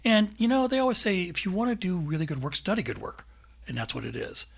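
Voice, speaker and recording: Animated, husky-toned male podcast host. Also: high-pitched, fast talker. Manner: animated, laughs often. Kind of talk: casual chat.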